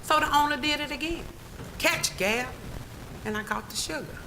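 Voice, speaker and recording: A woman's voice: high voice, fast, noisy background. A woman giving an emphatic public comment at a board meeting, telling her story and repeating key phrases. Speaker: public commenter, former employee.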